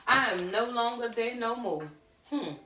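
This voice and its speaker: A woman's voice: a little high, lively intonation, a little slow, pushed and bright, far from the mic, slight background noise. Sassy woman reading tarot in an echoey room. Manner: sassy, blunt, calls listener pet names. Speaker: tarot reader. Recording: roomy echo, off-mic.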